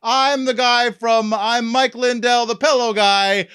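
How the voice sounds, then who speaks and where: A man voicing a loud-talking character with no inside voice, shouting every word slowly and emphatically. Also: very high-pitched, steady tone, smooth, voice pushed up, heavily acted. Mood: blustering. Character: booming loudmouth man with no inside voice.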